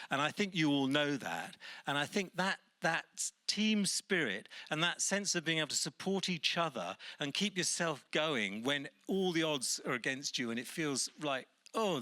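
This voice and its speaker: A man hosting a business event, earnest and halting, often restarting his sentences. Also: a little high, sharp tone. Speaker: event host. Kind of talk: opening remarks at event.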